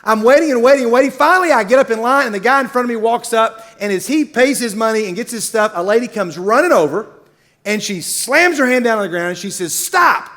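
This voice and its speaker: A man's voice: extremely high pitch, quick pace. A middle-aged man from Middle Tennessee, telling a comic story in a sermon as a university speaker, acting out the people in it. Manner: animated, comic storyteller who acts out characters.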